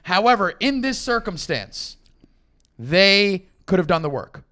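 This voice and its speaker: High-voiced man ruling like a mock judge. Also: sing-song, measured pace, pushed and bright. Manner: mock-formal, weighing arguments like a judge. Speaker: podcast host. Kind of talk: casual comedic chat.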